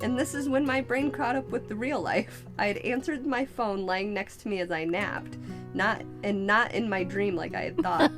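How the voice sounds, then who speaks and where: A woman's voice: mid-range voice, moderate pace. Giggly woman reading stories, music behind. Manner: amused, giggly storytelling. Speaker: podcast co-host. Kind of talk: casual chat reading listener stories.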